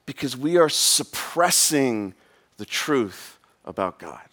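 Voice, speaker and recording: A man's voice: mid-range voice, big pitch swings, slow pace, a bit bright. A man in his thirties preaching a sermon in a casual, rambling way, full of fillers and asides. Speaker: pastor.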